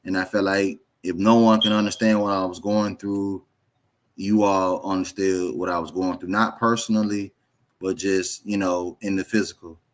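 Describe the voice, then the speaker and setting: A man who is a guest on a casual livestream speaks haltingly, often repeating words as he searches for the next thing to say. His voice sits on the low side. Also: flat delivery. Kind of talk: casual conversation.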